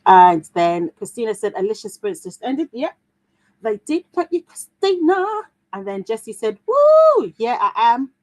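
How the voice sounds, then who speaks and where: A woman's voice: medium pitch, moderate pace, low-quality recording. Chatty woman hosting a craft livestream. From United Kingdom. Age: adult, mother of a daughter. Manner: chatty, reads out viewer comments, frequent fillers and restarts. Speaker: livestream host. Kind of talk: casual live chat, reading comments.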